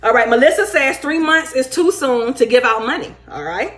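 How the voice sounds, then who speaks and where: A woman with a high voice hosts a casual livestream, chatting and reading comments out loud. She is lively and playful, teasing her viewers and laughing often. The sound is echoey, as if she is recording in a bare room. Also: moderate pace. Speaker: livestream talk show host.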